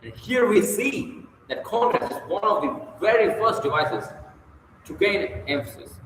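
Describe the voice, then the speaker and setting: A man reads a lesson on public speaking, stretching and punching the key words. His pitch sits a bit high and swings widely. The recording is very echoey with a long reverb tail and a faint hiss underneath. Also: a little slow. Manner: lively emphatic reading with stretched stressed words. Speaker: reader of a public speaking book. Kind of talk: reading aloud a book lesson.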